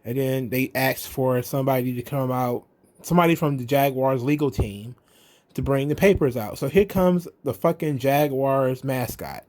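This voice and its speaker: A man's voice: mid-range voice, moderate pace, a little mellow. A man hosting his own commentary show, talking casually with blunt, sarcastic and profane remarks. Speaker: host of a wrestling commentary show.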